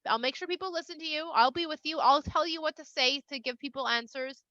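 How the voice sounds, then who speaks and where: A woman's voice: high voice, quick pace, pushed and bright, no room sound. A woman voicing God as a casual, chatty, reassuring figure in a retold story, on a dull, slightly lo-fi recording. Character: God, a casual, patient, all-powerful voice.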